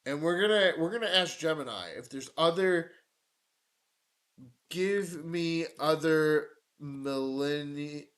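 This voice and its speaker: High-voiced ranting stream commentator. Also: male voice, slow, a bit bright. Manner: swinging between mocking rants and low mutters, heavy swearing. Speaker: live-stream news commentator. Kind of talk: profane live-stream commentary.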